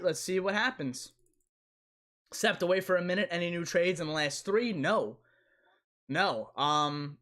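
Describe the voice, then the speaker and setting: A man's voice: high-pitched, bright, forceful tone. A young man hosting a casual live stream, rambling and repeating himself as he answers chat.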